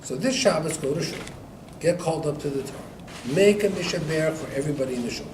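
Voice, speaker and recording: Animated rabbi telling a joke in class. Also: male voice, a little high, quick pace. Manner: animated joke-telling, acting out dialogue, laughs often. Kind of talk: storytelling Torah class. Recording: echoey room recorded from far off, noisy.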